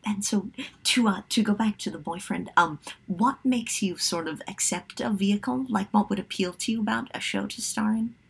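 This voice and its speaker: A woman interviewer whose voice has a husky, breathy quality and a gravelly edge of fry. She asks polite, carefully framed questions in a plain conversational manner. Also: medium pitch, normal speed, few pauses. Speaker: interviewer, host.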